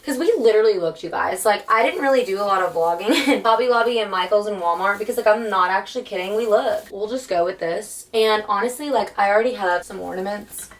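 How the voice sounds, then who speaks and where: A woman's voice: mid-range voice, fast, hardly any pauses. Young woman vlogger, chatty and bubbly, bedroom at home, mic a bit far away. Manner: chatty, bubbly, many likes. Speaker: lifestyle vlogger. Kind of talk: casual chat to camera.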